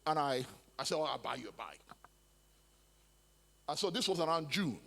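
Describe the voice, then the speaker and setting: Pastor guy preaching, high voice, keeps repeating himself, long church reverb. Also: animated, moderate pace, gravelly, fairly bright tone. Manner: preaching with emphatic repetition and stammered restarts. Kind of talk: sermon. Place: large church hall.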